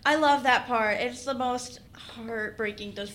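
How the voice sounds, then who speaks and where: A woman's voice: a little high, a little slow, fairly bright tone. A young woman chatting casually on a podcast, full of fillers and laughter. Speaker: podcast co-host.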